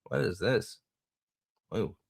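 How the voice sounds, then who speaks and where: A man's voice: on the low side, slow, gravelly. A man hosting a casual livestream, rambling, swearing and mocking as he reads comments and talks to chat. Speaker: host.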